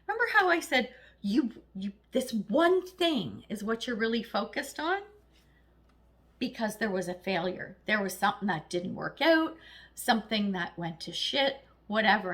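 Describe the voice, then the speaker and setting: A woman's voice: mid-range voice, a bit bright. A woman giving a casual, chatty tarot reading, blunt and encouraging, acting out little quoted voices as she goes. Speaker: tarot reader.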